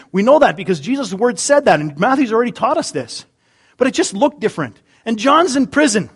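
Animated, high-voiced male pastor. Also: brisk, husky. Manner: animated, humorous, swings between loud emphasis and quiet asides. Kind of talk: sermon.

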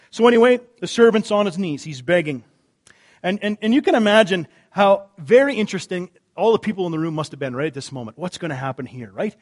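A man preaching a sermon in a conversational way, asking rhetorical questions and dropping to quiet emphasis on key words. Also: high voice. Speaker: pastor.

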